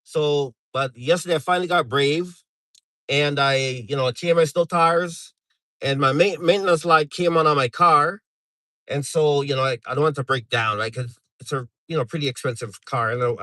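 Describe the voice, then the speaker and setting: A man's voice: mid-range voice, moderate pace, a bit bright, no echo, low-quality recording. A middle-aged man from Canada chatting casually on a live stream, rambling with lots of fillers and restarts.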